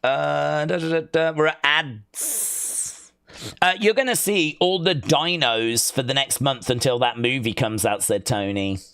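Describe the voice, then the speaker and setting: A man's voice: medium pitch, normal speed, creaky, hardly any pauses, a bit bright, clear, resonant tone, dry recording, studio quality. An English man hosting a casual watch-along live stream, rambling as he reads viewer comments aloud and reacts to them.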